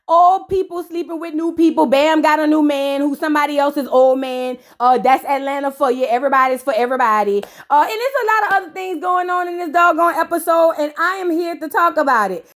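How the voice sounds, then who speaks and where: A woman's voice: high-pitched, a little fast, few pauses. A woman hosting a casual reality TV reaction video, sassy and gossipy, roasting the cast and calling the listener "girl". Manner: blunt roasting asides.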